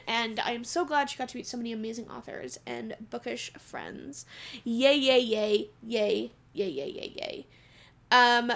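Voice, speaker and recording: A woman's voice: high-pitched, a bit bright. A young woman from Alberta, co-host of a podcast, chatting in a bubbly way and laughing often. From Alberta, Canada. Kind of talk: casual chat.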